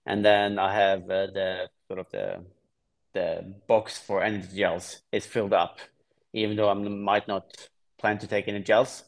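Relaxed man from Norway, low voice. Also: unhurried, gravelly. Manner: relaxed, explains plainly with frequent restarts. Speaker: guest triathlete. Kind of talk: casual podcast interview.

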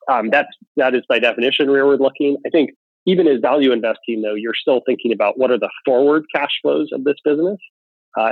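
A man answers interview questions in a measured, analytical way, pausing on fillers as he works through ideas. His voice comes through a thin, phone-like line with no room sound. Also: mid-range voice, no echo. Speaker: venture capital investor. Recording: tinny phone-like line, dry.

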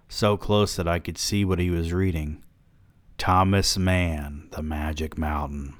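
Guy reading a novel on his podcast, deadpan, really deep voice, super dry close mic. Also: unhurried, no echo. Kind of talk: audiobook-style reading.

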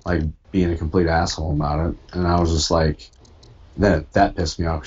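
A very deep, husky-voiced man talks bluntly and swears a lot as he vents in a casual group chat. His voice comes through dull, muffled conference-call audio from a headset mic. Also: flat delivery, brisk, darkish tone. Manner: profane, venting, blunt. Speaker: podcast co-host. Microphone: computer headset on a conference call.

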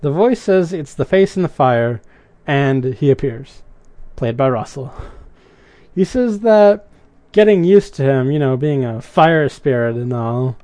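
Man, casual episode recap, mellow tone, dry sound, chatty, opinionated asides. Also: medium pitch, expressive, a little slow, no echo. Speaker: show recapper.

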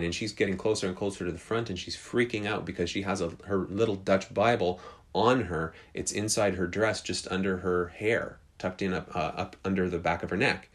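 A man preaching, telling a story in an earnest way with frequent restarts. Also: low-pitched. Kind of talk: storytelling sermon.

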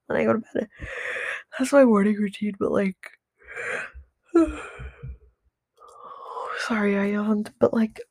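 A woman's voice: mid-range voice, gravelly, a little mellow, dry recording, studio quality. A young woman vlogger chatting casually about her routine, rambling with lots of "like" and restarts, candid and swearing. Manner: rambling, heavy use of "like", frequent restarts.

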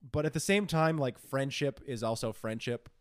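A man co-hosting a podcast in casual chat, chiming in with jokes and quick agreement. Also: mid-range voice, clear, resonant tone. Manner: joking, chiming in with quips and agreement. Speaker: podcast co-host.

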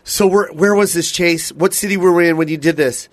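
A man's voice: sits high, fairly quick. A man hosting a podcast, telling a funny story in casual chat and acting out his friends' lines with lots of laughter. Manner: animated, acts out friends' voices, laughs often. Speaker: podcast host.

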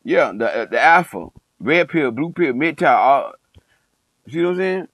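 A middle-aged coach and online commentator, with a fairly high, expressive, slightly bright voice, speaks a little slowly through a passionate, moralizing monologue. He keeps repeating phrases for emphasis and says he's passionate. The recording is dry and low-quality.

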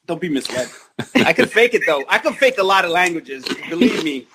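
Male podcast host, fairly high voice, joking and animated, faint background noise. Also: a little fast. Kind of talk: casual chat.

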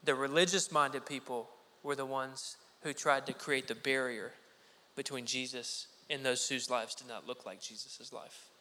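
A man preaching a sermon in a conversational, animated way, acting out little quoted voices. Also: mid-range voice, measured pace. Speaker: pastor. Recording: echoey hall with long reverb.

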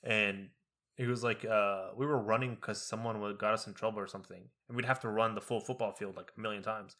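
A young man casually telling stories to a friend, animated and acting out quotes in raised voices. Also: lowish voice, a little fast. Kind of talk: casual storytelling chat.

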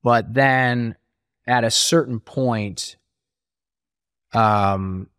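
A man's voice: mid-range voice, very slow, fairly bright tone, smooth, no room sound, clean studio sound. A middle-aged man telling his story as an interview guest, acting out quoted voices as he talks.

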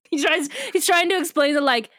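A woman's voice: high-pitched, a bit bright, no echo, clean studio sound. A young woman co-hosting a casual book podcast, laughing often and briefly acting out characters' lines. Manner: giggly, acts out characters in quick voices. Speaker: podcast co-host.

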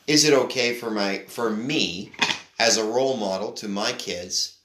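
A man's voice: lowish voice, measured pace, reverberant, noisy background. A middle-aged man co-hosting a podcast, telling a story in a rambling, hesitant way with many restarts. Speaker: podcast co-host. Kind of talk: casual storytelling chat.

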